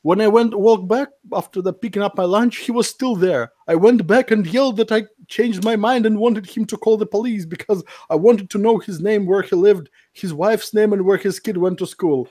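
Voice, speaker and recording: A man's voice: high voice, normal speed, hardly any pauses, darkish tone. A man co-hosting a podcast, reading social media posts aloud with mocking asides and many fillers. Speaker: podcast co-host.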